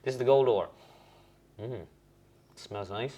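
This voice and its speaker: A man's voice: mid-range voice, slow, warm tone. A young man chatting casually at home as he tastes and rates beers, rambling and correcting himself. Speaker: host reviewing beers. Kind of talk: casual beer-tasting vlog.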